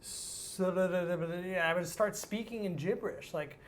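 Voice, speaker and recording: A man, an interview guest, tells a personal story in an animated, rambling way, full of "like" and acted-out quotes. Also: high-pitched, normal speed, slight background noise. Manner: animated, rambling, heavy use of "like".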